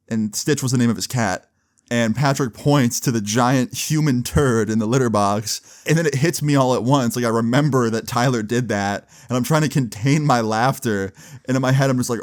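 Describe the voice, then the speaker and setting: A young man casually telling a funny party story to his camera, slangy and animated, full of "like" and "dude". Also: mid-range voice. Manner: animated, slangy, fast retelling with lots of "like" and "dude". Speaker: vlogger.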